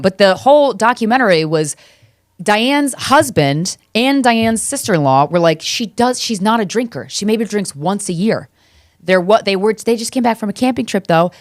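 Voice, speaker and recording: A woman in her thirties hosts a podcast with a slightly low voice, heard close and dry with no room sound. She tells her stories in a loose, animated way, swearing freely and laughing between lines. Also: no echo. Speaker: podcast host. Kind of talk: casual comedic monologue.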